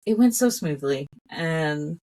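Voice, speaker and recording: A woman with a low voice speaks slowly as a podcast guest, telling a story in relaxed conversation. She's animated, laughs a lot, and acts out the things she said at the time.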